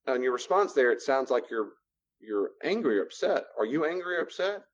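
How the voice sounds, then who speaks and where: A man teaching a class on boundaries, lecturing and acting out both sides of short dialogues in an animated way. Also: mid-range voice, a little fast, highs cut off. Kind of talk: classroom lecture with role-play examples.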